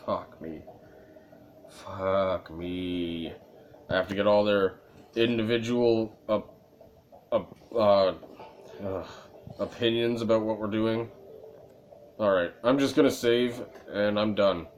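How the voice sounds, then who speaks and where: A man playing a video game and reading its dialogue aloud, with a sore throat from reading, and sometimes breaking into loud, exasperated rants. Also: lowish voice, measured pace, pauses often, slight background noise. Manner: reads flatly, then bursts into loud exasperated ranting. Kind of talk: let's play narration, reading text aloud.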